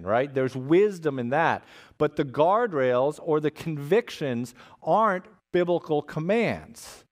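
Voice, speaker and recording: A man preaching a sermon as a pastor, conversational and animated, often checking in with "right?" and dropping humorous asides. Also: mid-range voice. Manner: animated emphasis with asides and jokes.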